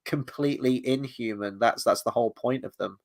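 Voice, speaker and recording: A man's voice: medium pitch, fairly quick, gravelly, a little mellow. Blunt man chatting in a casual review. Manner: blunt, swears, reads viewer comments aloud. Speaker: host.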